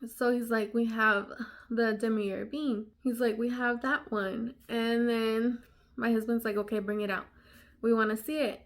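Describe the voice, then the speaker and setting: A woman's voice: on the high side, steady tone, normal speed. A young woman vlogger telling a story in casual chat, talking straight to her viewers with lots of fillers. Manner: chatty, many fillers like "you know".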